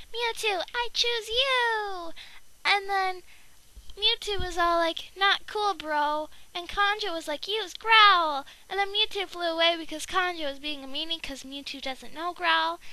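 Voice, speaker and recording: Young woman, very high bright voice, rambling silly storyteller. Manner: giggly, rambling, playful nonsense with quick character voices.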